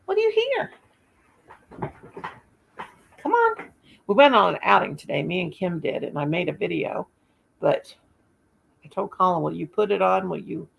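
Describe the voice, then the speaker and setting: Woman, live stream host, gravelly, husky, rambling casual chat. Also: on the low side, a little fast. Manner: rambling, chatty, stops often to search for words. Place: home, in the dark with one light on.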